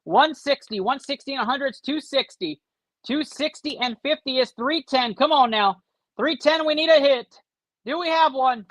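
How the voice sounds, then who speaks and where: Bright high-voiced man calling pack openings. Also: no echo, low-quality recording. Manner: fast running tallies of card points. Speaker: livestream host. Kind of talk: live pack-opening commentary.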